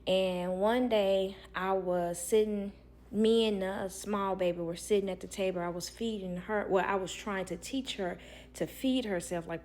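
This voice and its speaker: A young woman who works as a nanny, telling a work story to viewers in a blunt, animated way. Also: on the low side, a little hiss or hum. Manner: blunt, animated, acts out others' lines.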